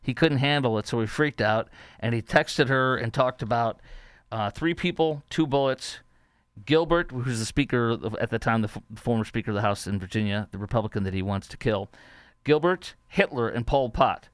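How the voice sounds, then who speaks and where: A male talk show host with a smooth, resonant voice, recorded close and dry with no room sound. He delivers opinionated commentary with sarcasm and mockery. His talk stops and restarts, full of fillers. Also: medium pitch, dry recording. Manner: sarcastic, mocking, halting with many fillers.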